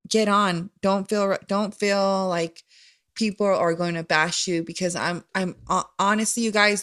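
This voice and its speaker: A woman's voice: fairly low pitch, a bit bright. Nasal-voiced woman podcast host. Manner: earnest, encouraging, lots of ums and restarts. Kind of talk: casual chat.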